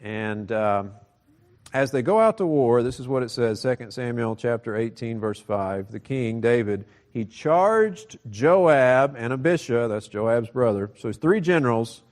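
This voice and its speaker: A male pastor preaches a sermon, retelling a scripture passage and explaining it step by step. His voice sits in an ordinary middle pitch. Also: animated, unhurried, darkish tone.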